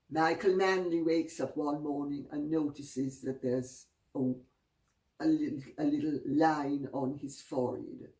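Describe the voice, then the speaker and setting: Low and warm, this woman hosts her own channel and tells anecdotes in a wry, gossipy way, drawing out her phrases. It's casual storytelling commentary, recorded in a roomy space with a distant mic.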